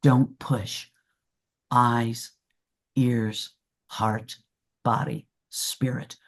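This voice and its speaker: Gravelly, husky woman speaking earnestly. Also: a bass voice, level tone, very slow. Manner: earnest, reflective, repeats key phrases. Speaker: guest presenter. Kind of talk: webinar talk and Q&A.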